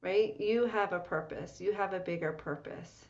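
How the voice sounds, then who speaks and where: A woman's voice: on the low side, moderate pace, vocal fry. A woman coaching a client, encouraging and checking in with frequent "right?" questions. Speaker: life coach. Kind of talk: coaching session. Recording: dull lo-fi recording.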